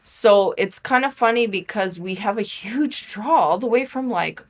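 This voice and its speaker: A woman talking as a podcast guest, chatty and animated, with lots of "like" and quick laughs. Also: medium pitch. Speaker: podcast guest, holistic practitioner and author. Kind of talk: casual interview chat.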